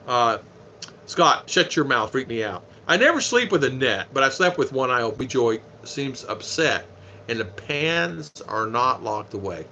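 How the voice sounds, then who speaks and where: A man's voice: mid-range voice, very animated, a little slow, sharp tone, a little hiss or hum. A man from the United States hosting a casual live stream, chatting in a folksy way and reading viewer comments aloud.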